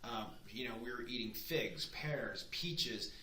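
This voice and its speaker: Animated storytelling man, bright voice. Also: medium pitch, a little slow. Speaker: chef and guest. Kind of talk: casual chat. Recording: echoey room with faint noise.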